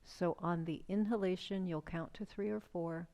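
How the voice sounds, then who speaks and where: A woman leading a chair yoga breathing session, speaking in a calm, gentle way and posing soft questions for the listener to notice. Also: fairly low pitch, normal speed. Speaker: yoga instructor.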